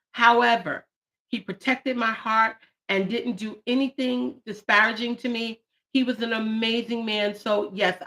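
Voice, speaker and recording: A woman in her late forties hosting a live stream, talking warmly and emotionally about her poetry book and the people she dedicated it to. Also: a little high. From United States. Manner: heartfelt, emotional, animated bursts. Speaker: channel host and poet.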